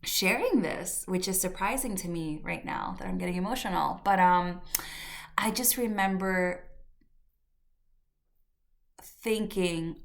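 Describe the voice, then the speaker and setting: A woman's voice: lowish voice, slow, vocal fry, long pauses. A woman podcast host telling a personal story in a candid, reflective way, with fillers and restarts. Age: adult.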